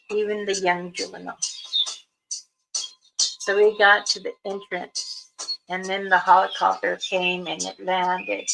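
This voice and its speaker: Slow-spoken woman telling a story over music. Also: mid-range voice, gravelly, bright, forceful tone, rough recording. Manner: slow, unhurried, acts out others' lines. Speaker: storyteller, spiritual elder. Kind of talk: slow personal storytelling with prayers. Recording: music playing behind.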